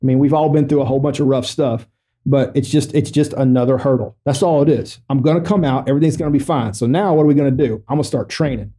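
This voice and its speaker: A middle-aged military veteran telling a personal story in a podcast interview, joking matter-of-factly about serious things, loose and halting with lots of fillers. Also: male voice, medium pitch, dark tone, slightly rough. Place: podcast studio.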